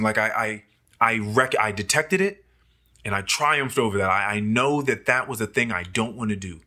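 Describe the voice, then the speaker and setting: A man chatting casually on a podcast, lively and self-mocking, often acting out his own past thoughts. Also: lowish voice, normal speed. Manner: animated, acts out his own past thoughts in quoted voices, laughs often. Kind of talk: casual chat.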